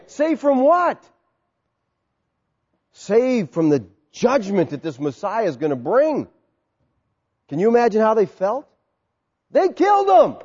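Male pastor, high voice, lively sermon delivery; dull recording with a long hall echo. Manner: animated preaching, acts out crowd voices; soft, quiet prayer.

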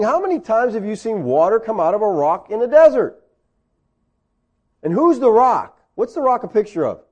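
Lively, animated man preaching a sermon. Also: high-pitched, normal speed, husky. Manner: animated preaching with jokes and acted-out quotes. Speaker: pastor.

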